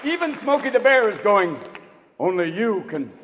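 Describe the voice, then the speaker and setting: High, lively stand-up comedian on stage. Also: male voice, normal speed, slight background noise. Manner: crude, animated, acts out characters. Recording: live club audio with crowd and reverb. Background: audience laughter and chatter.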